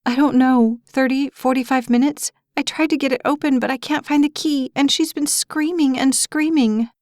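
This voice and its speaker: Woman voicing a young mother, frantic, high-pitched, breathless, storybook scene, dry close sound. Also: normal speed, mellow, no room sound. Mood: panicked. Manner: panicky, breathless, high-strung. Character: frantic young mother near hysteria, about twenty.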